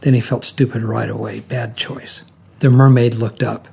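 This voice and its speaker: A man reading a short story aloud in a calm, measured way. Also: mid-range voice, creaky, slight background noise. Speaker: narrator.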